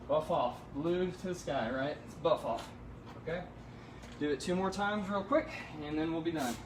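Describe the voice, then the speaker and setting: A man's voice: a little high, roomy sound, distant mic, background noise. Winded man coaching outdoors on a phone. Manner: coaching, keeps checking in with viewers. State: out of breath from the heat. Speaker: auto detailer. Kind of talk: live how-to demonstration. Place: outdoors in hot sun beside a car. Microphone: phone camera.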